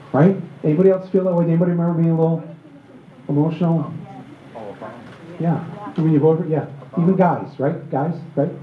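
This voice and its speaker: A man's voice: on the high side, slight background noise. A middle-aged man from Michigan giving a comic political talk to a live audience, joking and acting out little voices and asides. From Michigan, USA. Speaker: speaker at a book tour event. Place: auditorium with an audience. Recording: echoey hall, slightly dull live recording.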